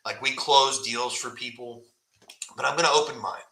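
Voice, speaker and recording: A man's voice: medium pitch, moderate pace, gravelly, pushed and bright, reverberant, rough recording. A man hosting a casual live stream, talking bluntly and often tagging "right?" onto his points. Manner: blunt, conversational, fillers like "right?".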